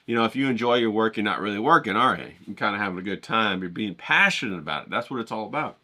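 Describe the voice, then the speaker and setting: A man's voice: on the low side, animated, fast, bright, forceful tone. A man vlogging to camera, joking and rambling, talking straight to his viewers and swearing freely. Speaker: painter and vlogger. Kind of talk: casual talk to camera.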